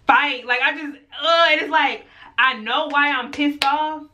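A woman's voice: high voice, measured pace, sharp tone, slight background noise. A pregnant young woman venting to her viewers in a casual vlog, swearing freely, laughing often, and calling her audience "girl" and "y'all". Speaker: vlogger.

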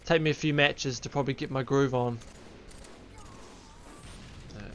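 A man's voice: mid-range voice, fairly even intonation, measured pace, a bit bright, highs cut off, a little hiss or hum. A man giving casual live commentary while streaming a game, chatty and upbeat, buzzing from coffee. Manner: chatty, upbeat, addresses viewers as fellas. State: caffeinated and buzzing. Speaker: gaming streamer.

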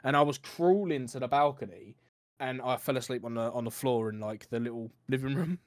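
A man's voice: mid-range voice, fairly quick. A man, a podcast co-host who chats and teases in casual conversation.

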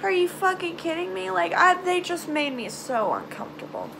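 A young woman telling a personal story to camera in a halting, emotional way, trailing off into sighs and nervous laughs. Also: extremely high pitch, sing-song, gravelly, background noise. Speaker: vlogger. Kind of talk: confessional storytime vlog.

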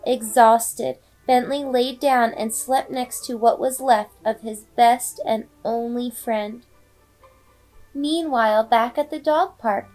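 A woman reading a children's bedtime story aloud with expressive, dramatic storybook delivery. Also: high-pitched. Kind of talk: bedtime read-aloud narration. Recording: faint background music.

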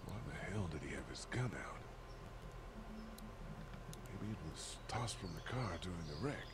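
An actor playing a calm male university teacher under arrest, measured and reserved. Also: low voice, background noise. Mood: puzzled.

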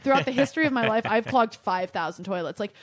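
Fast, animated, swearing young woman. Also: a little high. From Michigan, USA. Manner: swears freely, animated and exaggerated. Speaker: podcast guest. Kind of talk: casual comic storytelling.

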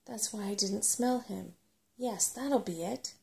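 A woman voicing a sharp-tongued female brownie in a whispered role-play, with a raised, impatient delivery. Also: mid-range voice, takes it slowly, gravelly. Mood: cross. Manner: snappish and impatient.

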